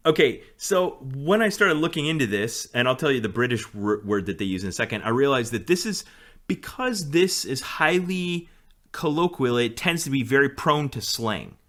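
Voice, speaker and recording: A man's voice: medium pitch, very animated, normal speed, fairly bright tone. A man in his forties, co-hosting a podcast in casual chat and explaining things in a storytelling way. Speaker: podcast co-host.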